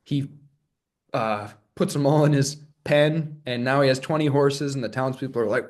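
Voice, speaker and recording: A man talking alone in a reflective solo monologue, musing and searching, often restarting phrases and breaking into soft laughs. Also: medium pitch, normal speed. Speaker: vlogger.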